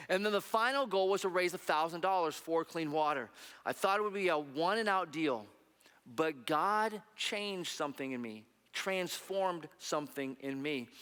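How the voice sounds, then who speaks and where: A man's voice: high-pitched, a bit bright. A man speaking from a church stage, upbeat and conversational, encouraging the congregation to sign up. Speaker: charity running team speaker. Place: church sanctuary. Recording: long reverb of a church hall.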